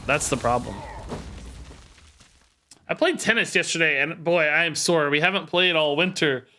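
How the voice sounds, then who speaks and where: A game streamer talks live over his gameplay in a fairly high, sharp voice at normal speed, with slight background noise. He thinks aloud, picks apart his own moves, and repeats himself self-critically. He sounds sore and tired from sport.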